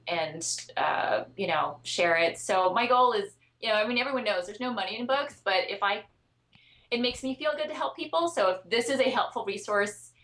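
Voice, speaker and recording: A woman's voice: medium pitch, a bit bright. A woman speaking as a guest expert in a podcast interview, earnest and chatty, with frequent fillers and restarts. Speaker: guest expert on child sleep.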